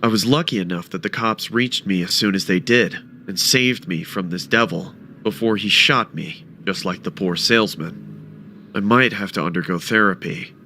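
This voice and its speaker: A man narrating a first-person horror story with a dramatic, expressive delivery. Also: on the low side, moderate pace, a little hiss or hum.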